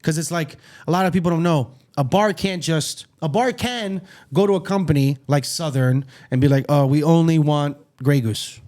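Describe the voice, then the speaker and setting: Guy cohosting a podcast, blunt and swears a lot, kinda high voice, tells stories with energy. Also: normal speed, few pauses. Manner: blunt, swears, animated storytelling. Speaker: podcast co-host. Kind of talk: casual chat. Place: studio.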